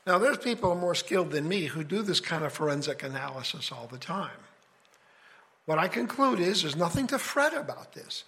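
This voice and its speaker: A man with a fairly high voice gives a relaxed Bible study lecture. He talks in a conversational way and lays out his reasoning one step at a time. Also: moderate pace. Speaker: Bible teacher. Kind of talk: casual scripture study lecture.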